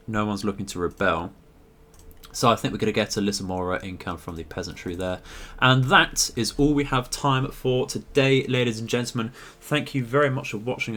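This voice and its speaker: A man, hosting a gaming video and talking through a strategy game in a polite, measured way with frequent fillers. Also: lowish voice, a bit bright.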